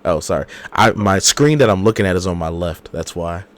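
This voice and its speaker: A hoarse man, an animated, slangy podcast co-host telling a story over a video call. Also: deep voice, a little fast. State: hoarse from a cold. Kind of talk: casual chat.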